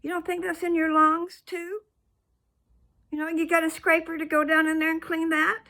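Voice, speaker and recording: An older woman ranting bluntly to her viewers, scolding and rambling, with her voice jumping up into high indignant peaks. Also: level tone, moderate pace, pushed and bright. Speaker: vlogger. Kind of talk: casual rant to camera.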